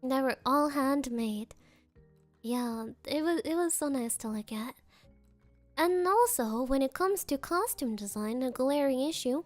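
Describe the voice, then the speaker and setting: High-voiced woman ranting sarcastically. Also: lively intonation, measured pace, no room sound, faint music behind. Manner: rambling, sarcastic ranting with frequent laughs. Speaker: streamer. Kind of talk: casual livestream chat.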